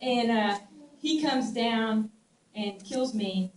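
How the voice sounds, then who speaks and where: Animated storytelling woman with a twang. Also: on the high side, slow. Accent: Southern US twang. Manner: animated, laughs often, trails off and restarts. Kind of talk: casual storytelling. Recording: echoey room, distant mic, faint ambient noise.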